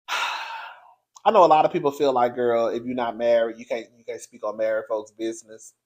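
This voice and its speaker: A man hosting his own video show, giving a blunt, profane, animated commentary straight to his viewers. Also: mid-range voice, moderate pace. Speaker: online show host reviewing reality TV.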